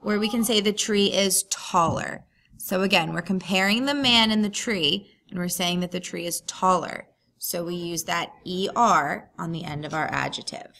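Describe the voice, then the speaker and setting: A woman's voice: on the low side, moderate pace, creaky, a bit bright. A woman teacher talking through a recorded grammar lesson, patient and explaining step by step.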